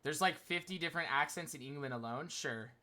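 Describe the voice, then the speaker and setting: Bright, rambling male streamer. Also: a little high, a little fast. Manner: rambling, many "like" fillers, talks to chat. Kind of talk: casual livestream chat commentary.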